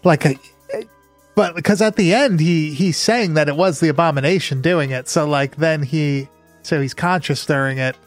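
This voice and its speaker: Podcast co-host: a rambling, excitable man with a fairly high voice over faint music. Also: moderate pace. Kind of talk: casual movie discussion.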